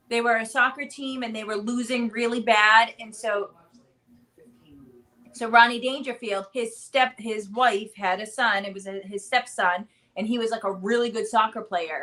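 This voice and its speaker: Her voice a little high and a bit bright, a thirtysomething woman hosts a relaxed livestream. She's chatty, wandering from point to point and filling gaps with lots of fillers.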